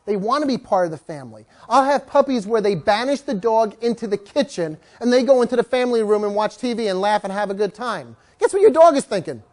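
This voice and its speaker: A man who trains dogs, teaching a class and telling lively stories while joking with the audience. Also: high voice, fast talker, hardly any pauses. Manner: animated storytelling, jokes with the audience. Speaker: dog trainer.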